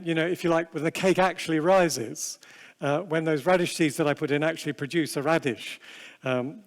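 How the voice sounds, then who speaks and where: Guy giving a church seminar talk, slightly high voice, long echo off the hall, chatty and self-deprecating. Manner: conversational, self-deprecating, with fillers and asides. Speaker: seminar speaker. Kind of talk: prayer and sermon-style seminar talk. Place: large convention hall.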